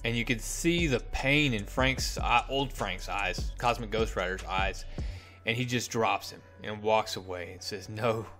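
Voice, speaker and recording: A man reviewing comics in a casual vlog, retelling the story with animated delivery and frequent restarts. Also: fairly low pitch, measured pace, over music.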